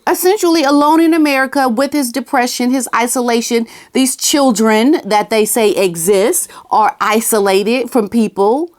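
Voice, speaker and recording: A woman's voice: fairly high pitch, moderate pace, few pauses. A woman giving casual opinion commentary on her vlog, emphatic and repeating her key phrases, sometimes talking aside to someone off camera. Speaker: commentary vlogger.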